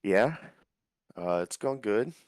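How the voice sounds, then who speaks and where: A man's voice: fairly low pitch, lively intonation, slow, dry recording, clean studio sound. A man with a sore throat, chatting in a laid-back way as a stream guest. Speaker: guest on livestream. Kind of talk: casual chat.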